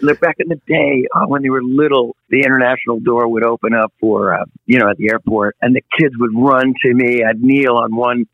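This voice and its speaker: A middle-aged man, a touring rock singer, chatting casually in an interview and telling lively stories with acted-out voices. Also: mid-range voice, brisk, hardly any pauses, no room sound, narrow, tinny audio. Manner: animated storyteller, acts out voices.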